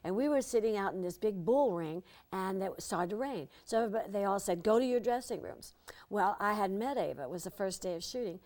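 An older actress as an interview guest, telling lively anecdotes and slipping into impressions. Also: female voice, mid-range voice, a little fast. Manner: lively storyteller, slips into impressions.

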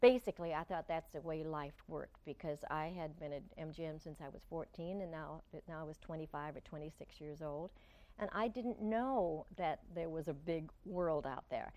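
An older woman giving an interview, reminiscing in a warm, halting way with frequent restarts. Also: sits low. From Portland, Oregon. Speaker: interview guest. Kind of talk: reflective interview talk.

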